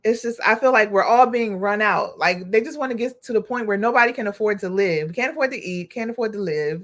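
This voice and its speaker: Speaking briskly with hardly a pause, this young adult woman has a medium-pitched, slightly bright voice. She's a nonprofit coach on a livestream, calling her audience "y'all," preaching with spirit, and reading out and cheering viewer comments.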